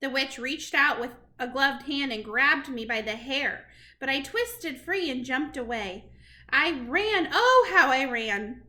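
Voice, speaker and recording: A woman reading a storybook chapter aloud to children in an expressive, dramatic way. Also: high voice. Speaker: reader to children.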